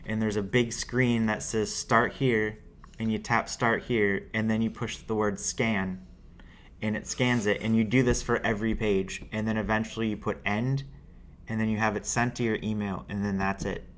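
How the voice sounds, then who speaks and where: A man's voice: lowish voice, normal speed. A man telling stories as a guest on a casual podcast, acting out the voices of the people in them. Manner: animated, acts out other people's voices in his stories. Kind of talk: casual storytelling chat.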